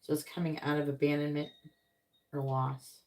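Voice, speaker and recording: Woman tarot reader, low and gravelly, blunt and casual with comic asides. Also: flat delivery, mellow. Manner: blunt and swearing, acts out quick comic voices. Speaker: tarot reader on a live stream. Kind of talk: casual tarot reading, reading card meanings aloud.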